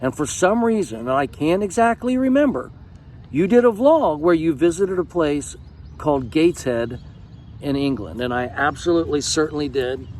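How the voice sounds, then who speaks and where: A man's voice: on the high side, animated, moderate pace, darkish tone, slight background noise. A middle-aged American man vlogging in a casual, emphatic and effusive way, swearing freely as he talks. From United States. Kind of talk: casual vlog talk.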